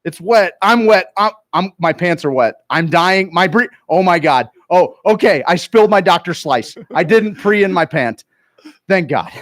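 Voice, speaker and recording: A man's voice: high-pitched, expressive, unhurried, fairly bright tone, dry recording, clean studio sound. A man playing a jittery, paranoid teenage boy in a comedy radio skit, rambling in a panic. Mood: panicky.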